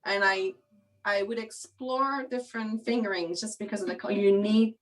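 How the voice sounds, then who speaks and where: A woman's voice: medium pitch, steady tone, normal speed, low-quality recording. A woman teaching viola in a master class, coaching a student with encouraging explanations full of "you know.".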